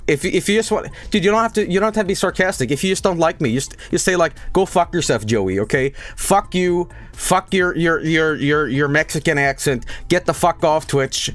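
A man streaming live, chatting casually and excitably, swearing and laughing often. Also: on the high side, fairly quick, few pauses.

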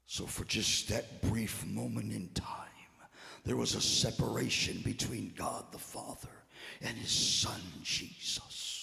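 A man preaching a Good Friday sermon in a church sanctuary, swinging from hushed whispers to shouted exhortation and repeating short phrases for emphasis. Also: lowish voice, steady tone, takes it slowly, vocal fry. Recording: long church reverb.

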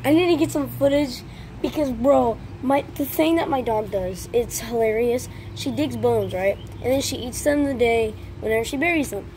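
A high-pitched woman talks into a phone held in her hand, out in a backyard by a pool. Her talk is casual and rambling, and she turns aside now and then to speak to her dog. A faint noise sits under the outdoor recording. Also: moderate pace, a little mellow. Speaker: vlogger. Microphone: handheld phone.

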